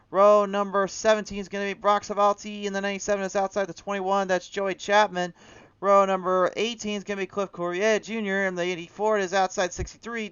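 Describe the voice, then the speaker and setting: High bright-voiced race announcer. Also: male voice, clean tone, no echo, muffled recording. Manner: rapid hype announcer reading a long lineup, self-correcting. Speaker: sim racing commentator. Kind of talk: play-by-play race commentary.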